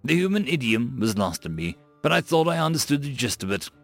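A man narrating a science-fiction audiobook in a dramatic, expressive manner. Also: medium pitch, brisk, creaky. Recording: dry close mic with faint music.

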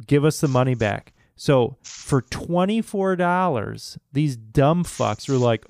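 A man with a smooth, resonant voice tells a story of annoyance in an unvarnished, profane rant. He sounds close to the mic in a dry room with no echo. His pitch sits right in the middle for a man. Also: animated, measured pace, hardly any pauses, a little mellow. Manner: profane, exasperated, mimics others in high put-on voices. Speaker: podcast co-host.

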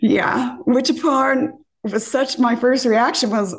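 A woman's voice: a little high, fairly even intonation, takes it slowly. A woman from California, a podcast guest, telling a dating story casually, acting out quotes and swearing freely.

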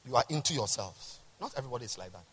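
A man, a bishop, preaching a sermon to a large congregation, emphatic and rhetorical, swinging from quiet asides to shouts. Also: medium pitch, animated, rapid-fire, husky. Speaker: bishop and pastor. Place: large church hall. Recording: reverberant church hall.

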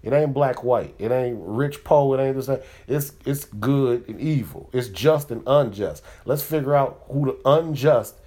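A man's voice: medium pitch, unhurried, hardly any pauses, dark tone. Heated, profane man hosting a podcast. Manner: rambling, profane, heated, with frequent restarts and fillers. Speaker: podcast host. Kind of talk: casual monologue.

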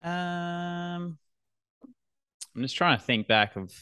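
A man's voice: high voice, lively intonation, takes it slowly, sharp tone, clean tone, dry recording, studio quality. An Australian man, a business coach, chatting easily as a podcast guest, laughing often and trailing off while he thinks. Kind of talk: casual podcast conversation.

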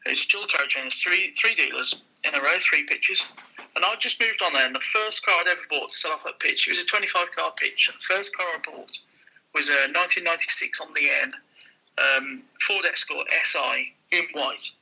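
A man with a high, bright, somewhat husky voice tells anecdotes at a quick clip. He acts out each exchange in his story. The sound is thin and tinny, like a phone line. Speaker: guest, former car dealer. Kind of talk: casual storytelling.

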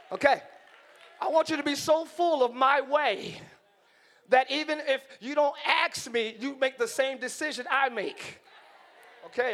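A male pastor preaching a live church sermon with energetic shouting and call-and-response to the congregation. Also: extremely high pitch.

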